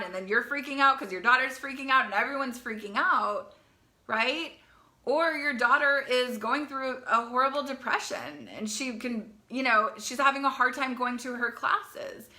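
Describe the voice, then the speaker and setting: Young woman, bright voice, chatty live coaching talk, repeats herself, asks "right?" a lot. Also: sits high, normal speed. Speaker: coach for teen girls. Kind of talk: live video talk to parents.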